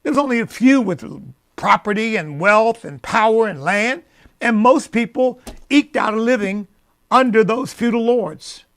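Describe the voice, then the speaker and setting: A man hosting a radio show, delivering a preacherly opinion monologue that swings from low asides to loud, emphatic peaks. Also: measured pace.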